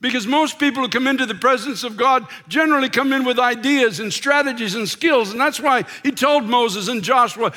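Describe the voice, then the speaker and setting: A middle-aged male pastor preaching a passionate sermon from the pulpit, repeating words as he builds and dropping to soft, intimate tones. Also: very high-pitched, fairly quick, hardly any pauses. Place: church sanctuary, from a pulpit. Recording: long reverb of a large church hall.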